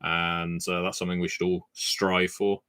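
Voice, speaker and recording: A game designer hosts a casual livestream Q&A, reading viewer comments and sharing anecdotes in a chatty way with frequent "uh" fillers. His voice sits low, with a level tone at normal speed, sounding pushed and bright. The recording is clean and dry.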